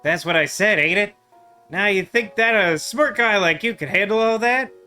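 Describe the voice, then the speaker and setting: A man voicing a rude, grumpy male motel manager from a pixel-art adventure game, with gruff, slangy, sarcastic talk. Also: high voice, moderate pace, bright, forceful tone, faint music behind, pitched above the performer's own voice. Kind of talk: let's play voicing of game text.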